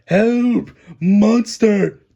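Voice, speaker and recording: Man doing a frantic hurried rabbit. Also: high-pitched, expressive, dark tone, lo-fi sound, pitched above the performer's own voice, exaggerated voice. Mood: panicked. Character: flustered hurried male rabbit.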